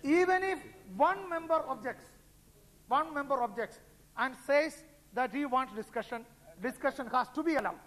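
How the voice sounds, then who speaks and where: Indian English-accented male lawmaker pressing his point in a crowded chamber, high-pitched and insistent, long hall echo. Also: animated, moderate pace, a bit bright. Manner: insistent, repeats himself over interruptions. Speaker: member of parliament. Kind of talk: parliamentary debate speech. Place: large parliament chamber.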